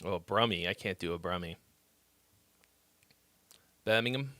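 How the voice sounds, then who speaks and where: A man hosts a casual livestream reviewing songs, reading chat messages aloud and joking around with loose, profane banter. His voice is low-pitched and sharp, measured in pace, with no room sound.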